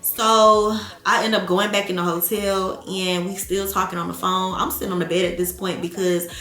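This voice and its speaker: A young woman from Atlanta telling a story to camera, animated and blunt, swearing freely and talking to viewers as y'all. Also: mid-range voice, moderate pace. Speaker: vlogger. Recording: echoey room with faint music.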